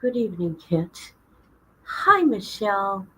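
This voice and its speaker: A woman's voice: medium pitch, sing-song, slow, bright, forceful tone, slightly rough, rough recording. A woman hosting her own livestream, chatting casually and greeting viewers by name while she fumbles with her setup. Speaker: livestream host.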